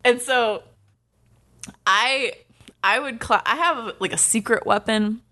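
A woman co-hosting a casual podcast, telling an animated story full of swearing and laughter. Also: fairly high pitch, slow pace. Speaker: podcast co-host. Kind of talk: casual chat.

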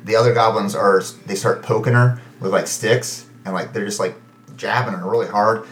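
A man running a tabletop game as game master, narrating in a halting way full of fillers and small restarts. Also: fairly low pitch, fairly even intonation, echoey room, a little hiss or hum.

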